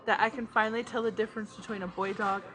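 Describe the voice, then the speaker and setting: A woman's voice: medium pitch, steady tone, fast talker, fairly bright tone, rough recording. A woman co-hosting a podcast in casual chat, who laughs often and throws in teasing asides. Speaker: podcast co-host.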